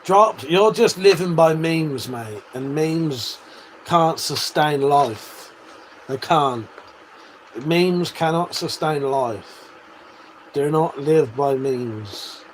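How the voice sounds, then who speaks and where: This man's voice sits a little high as he hosts a livestream, going through viewer comments with plenty of swearing and laughter while bantering with chat. The rough recording has slight background noise.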